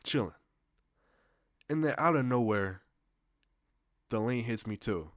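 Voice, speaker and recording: A man's voice: mid-range voice, animated, slow, dry recording, studio quality. A young man telling a casual storytime in a loose, slangy, profane way, rambling with restarts.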